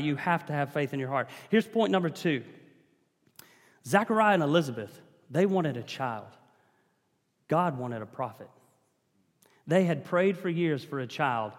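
Man preaching in a reverberant hall. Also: a little high. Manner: preaching with rising emphasis and calls to the congregation. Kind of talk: sermon.

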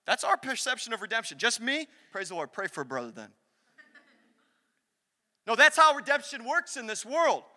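A young man preaching a lively sermon in a church, acting out the voices he quotes. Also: very high voice, moderate pace, pauses often. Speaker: pastor. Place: church sanctuary. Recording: long hall reverb.

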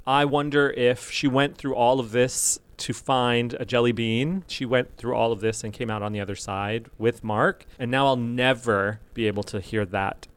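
A man hosting a casual podcast about songs, talking briskly with a middle-pitched voice. He lays out theories aloud with eager enthusiasm. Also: steady tone, smooth. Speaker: podcast co-host.

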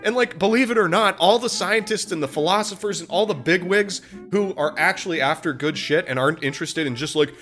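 A man casually telling a history story as a podcast co-host, animated and profane, slipping into voices for quotes. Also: sits high, a little fast, hardly any pauses, soft background music.

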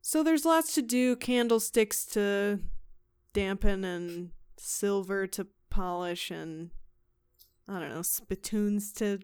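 A woman's voice: mid-range voice, slow, clean tone. A woman hosting a comedy podcast, retelling a ghost story with lots of swearing and laughter. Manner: animated, swears a lot, laughs mid-sentence. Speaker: podcast host.

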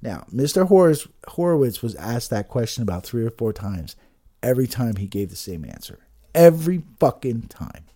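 Profane, ranting man with a lively voice. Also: medium pitch, normal speed. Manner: profane, agitated, with many restarts. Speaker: political commentator. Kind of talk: ranting political monologue.

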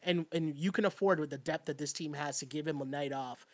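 A man hosting a casual sports talk stream, animated and rambling, laughing often as he talks. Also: fairly high pitch, a little fast. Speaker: podcast host.

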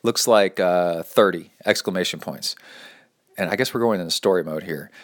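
A man hosting a podcast and coaching triathletes, chatting casually and reading listener emails aloud with playful dramatic flair and quick asides. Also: sits low.

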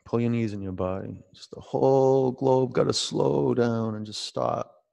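A man guiding a yoga class at home, talking in a relaxed, conversational way and drawing out his cues. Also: medium pitch, unhurried, gravelly, big-room sound. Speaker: yoga teacher. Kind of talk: guided yoga class instruction.

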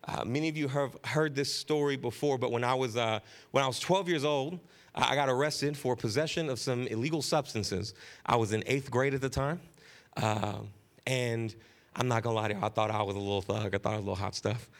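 A man's voice: medium pitch, fairly quick. A man in his thirties, a pastor, preaching a sermon in a candid, conversational storytelling way with casual slang. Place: church sanctuary.

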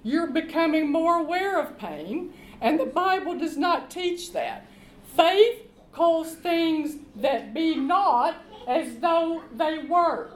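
A woman preaching a sermon, reading scripture slowly and emphatically and calling the congregation to respond. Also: sits high, animated. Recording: echoey room with faint background noise.

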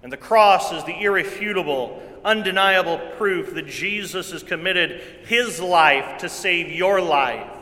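Man preaching a sermon, fairly bright voice, earnest and repetitive, recorded in a reverberant church hall. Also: high-pitched, measured pace, hardly any pauses. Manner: earnest preaching with repeated phrases, swings from loud to hushed. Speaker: pastor.

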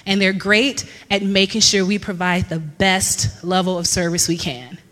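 A woman in her thirties telling a lively personal story to a church congregation, laughing often and acting out what people said. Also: lowish voice, measured pace, hardly any pauses, big-room sound. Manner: animated storyteller, laughs often, acts out quotes. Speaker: church speaker. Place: church hall.

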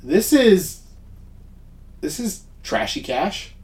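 A man's voice: high voice, very animated, very slow, a little mellow. A man co-hosting a casual podcast chat, rambling and interrupting himself, often laughing. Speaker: podcast co-host.

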